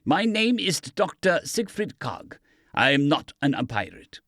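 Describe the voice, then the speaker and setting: A man voicing a calm captive doctor with a thick German accent and formal, stilted phrasing. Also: fairly high pitch, a little slow, dry recording, studio quality, voice pushed up, exaggerated voice.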